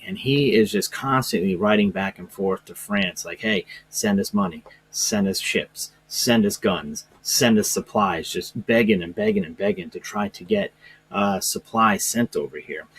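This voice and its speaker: Husky-voiced man giving a rambling history lesson. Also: fairly low pitch, fairly bright tone. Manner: rambling, hesitant, lots of fillers and restarts. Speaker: social studies teacher. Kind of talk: informal classroom lecture.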